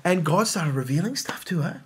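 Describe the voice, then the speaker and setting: A man hosting a podcast in casual chat, telling stories in an animated way with quick restarts. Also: on the high side, slightly rough. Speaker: podcast host.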